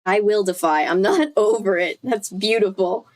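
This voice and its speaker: A woman's voice: medium pitch, normal speed. A woman reading a book aloud, breaking off often to react and laugh. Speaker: host.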